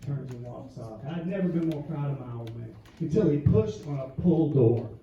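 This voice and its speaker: A man's voice: a little high, animated, normal speed, recorded from a distance. Man doing stand-up in a club. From American South. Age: middle-aged. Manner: storytelling, punchy delivery with comic voices. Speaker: stand-up comedian. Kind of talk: stand-up comedy set. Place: comedy club stage. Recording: echoey club with crowd noise, lo-fi. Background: audience laughter.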